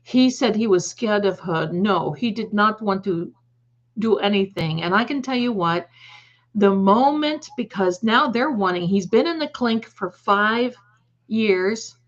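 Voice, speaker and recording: Woman rambling on a live stream, slow and emphatic, keeps restarting, muffled lo-fi audio. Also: mid-range voice, lively intonation. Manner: rambling, emphatic, frequent self-corrections. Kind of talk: casual live-stream commentary.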